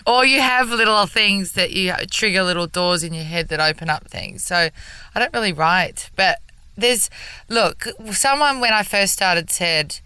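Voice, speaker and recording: A woman's voice: medium pitch, unhurried, sharp tone, clean tone, dry recording. A woman comedian with an Australian accent, chatting playfully in a camp manner as a radio interview guest, laughing often. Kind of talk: casual interview chat.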